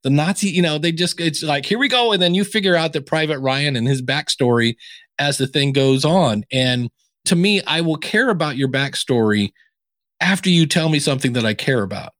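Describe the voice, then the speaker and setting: Appearing as a consultant guest on a podcast, this Ohio man talks casually at a normal pace and mimics quoted voices with dramatic pitch leaps. The audio is studio quality, with no room sound.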